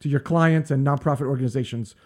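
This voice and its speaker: A man hosting a podcast, chatty and playful, interviewing a guest and giving listener shout-outs. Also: medium pitch, fast talker. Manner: chatty, playful, animated, mocks accents in jest. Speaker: podcast host. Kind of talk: casual interview chat with live shout-outs.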